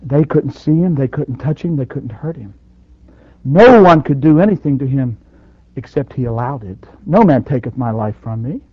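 A man preaching a sermon, surging loud on his points and dropping to near quiet, with dynamic swings in force. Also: mid-range voice, animated, normal speed, dry recording. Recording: dull dry lo-fi recording.

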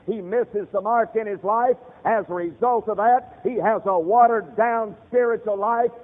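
A man's voice: high-pitched, long reverb tail. A man preaching a fiery sermon, telling stories and addressing his congregation directly. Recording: tinny radio broadcast.

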